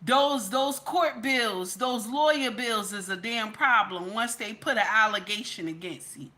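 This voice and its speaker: Bright, emphatic woman commentator. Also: on the high side, measured pace. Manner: chatty and emphatic, keeps repeating "okay?"; addresses viewers directly as "baby" and "y'all". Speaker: social media commentator. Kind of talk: casual live commentary.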